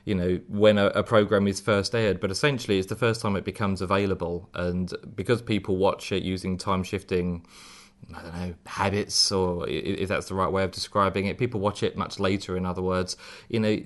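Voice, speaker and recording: A man hosts a podcast in a measured, wry tone and brings in listener feedback. His voice is fairly low and steady. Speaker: podcast host. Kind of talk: casual podcast chat.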